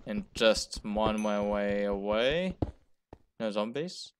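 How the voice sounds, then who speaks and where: A young man casually commenting on his own gameplay, jumpy and talking himself through his fear, going from quiet muttering to loud yells. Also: lowish voice, lively intonation, takes it slowly, noisy background. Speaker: gamer playing a first session. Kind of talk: casual let's-play commentary.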